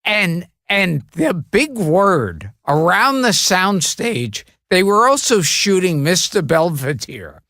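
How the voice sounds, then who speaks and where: Slow, bright-voiced man telling crude stories. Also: high voice, sing-song, no echo, clean studio sound. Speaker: guest. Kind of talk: casual podcast chat.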